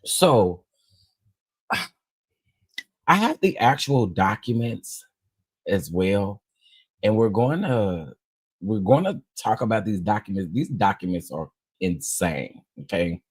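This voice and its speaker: Husky-voiced man greeting livestream viewers. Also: on the low side, slow pace, long pauses, dry recording. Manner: animated, greets viewers one by one, playful. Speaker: livestream host. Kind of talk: casual livestream chat.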